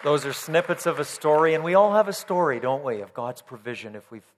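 A man's voice: on the high side, animated, brisk, some chatter behind. A male pastor leading a service in a conversational way, with frequent fillers. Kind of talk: sermon. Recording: reverberant church hall.

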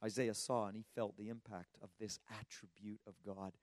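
A slightly hoarse man preaching a sermon in an earnest, emphatic way, asking rhetorical questions and often restarting his words. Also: fairly low pitch, level tone, normal speed, no room sound, clean studio sound. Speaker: pastor.

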